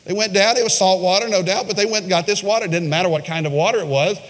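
Man preaching in a reverberant hall. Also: racing. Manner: dramatic storytelling, quoting with voices, pitch swings. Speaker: pastor. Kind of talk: sermon. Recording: long reverb of a large hall.

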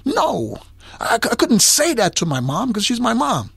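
A man's voice: extremely high pitch, sing-song, fairly quick, gravelly, a bit bright, breathy edge, no room sound. A man preaching a sermon, telling a personal story and acting out the dialogue before building toward an impassioned point.

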